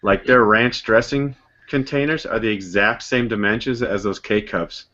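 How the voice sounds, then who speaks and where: An American man co-hosting a casual chat, cracking jokes and quick to laugh. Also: lowish voice, fairly even intonation, bright, forceful tone, muffled recording. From United States. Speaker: podcast co-host.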